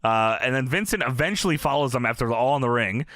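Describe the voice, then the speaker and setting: A man co-hosting a casual podcast chat, excitable, quick to laugh and swear. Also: mid-range voice, no room sound. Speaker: podcast co-host.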